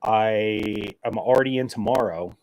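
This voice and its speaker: A man with a lowish voice chatting alone on his podcast, rambling from one joke to the next. He sounds wired and loose, with lots of ums and restarts. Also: unhurried, a little mellow, low-quality recording. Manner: rambling, joking, caffeine-wired, many fillers. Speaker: podcast host. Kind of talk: casual solo chat.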